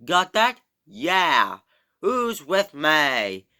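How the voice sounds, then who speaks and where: A man acting out a homemade toy play, hesitant and prone to repeating words. His voice is slightly high, bright and sharp, and he talks slowly. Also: sing-song, smooth. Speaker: narrator and performer of all roles.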